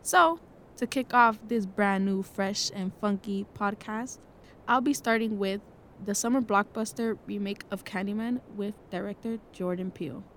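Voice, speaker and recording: A teenage girl talks through a film review on her own podcast in a casual, chatty way. She is dramatic and acts playfully spooked, and her voice sits at an ordinary middle pitch. A faint rumble, like a vehicle, hums behind her. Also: moderate pace, fairly bright tone. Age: late teens.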